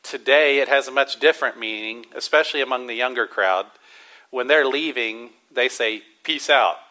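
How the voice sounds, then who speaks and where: Guy preaching a sermon in church, bright forward voice, slows way down to hit words then goes real quiet. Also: mid-range voice, rough recording. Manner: emphatic preaching with drawn-out stresses and sudden soft drops. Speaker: pastor.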